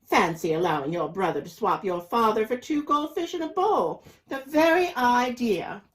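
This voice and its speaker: A man voicing a busy, stern mother who talks in a brisk, scolding way in a storybook reading. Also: very high voice, lively intonation, fairly bright tone, voice pushed up.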